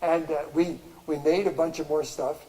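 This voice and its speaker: A man's voice: a little high, little pitch movement, moderate pace, warm tone, big-room sound, poor audio. An older man giving a talk to an audience at a gallery, telling stories in a rambling way with many restarts and fillers and frequent laughs.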